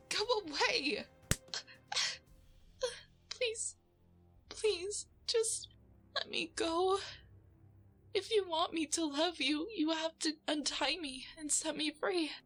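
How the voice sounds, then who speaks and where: A woman's voice: sits high, moderate pace, hardly any pauses, a bit bright, faint music behind. A woman playing a frightened young woman held captive in an audio drama, talking in whispery, breathless bursts and stammering when scared. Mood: pleading, placating. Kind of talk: audio drama role-play.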